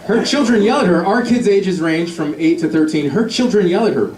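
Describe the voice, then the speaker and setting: A man's voice: high-pitched, animated, brisk, distant mic, background noise. A middle-aged man doing a stand-up comedy set, telling a family story and acting out the voices of the people in it. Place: comedy club stage before a laughing audience. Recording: roomy live club recording with crowd laughter.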